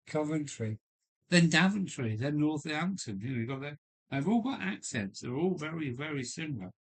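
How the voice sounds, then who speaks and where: A man's voice: a little high, lively intonation, a bit bright, breathy edge. An older man from Kent with a Kent accent, chatting casually and rambling on a livestream. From Kent, England. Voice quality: slow and rambling, with frequent restarts and fillers. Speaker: livestream host. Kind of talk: casual chat. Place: home loft.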